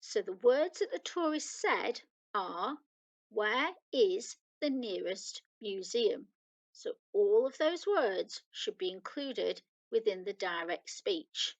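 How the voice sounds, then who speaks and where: Gravelly-voiced British woman teaching children. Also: medium pitch, sing-song, low-quality recording. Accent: British English. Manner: patient, reads sentences aloud slowly for children. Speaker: primary school teacher. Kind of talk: recorded online lesson.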